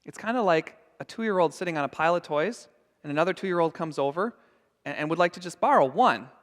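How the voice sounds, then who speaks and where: A man's voice: on the high side, expressive, fairly quick, long reverb tail. A man preaching a sermon as pastor, earnest and emphatic. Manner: earnest and emphatic, acting out scenes. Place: church sanctuary.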